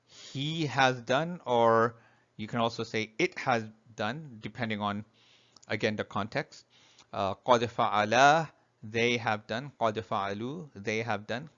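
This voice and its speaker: A man's voice: medium pitch, fairly bright tone. A middle-aged man gives a recorded grammar lesson, walking through each point patiently with plenty of ums and uhs. His voice sits in a mid range, and the recording sounds a little dull and lo-fi. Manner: patient, explains step by step with fillers. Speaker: Arabic teacher.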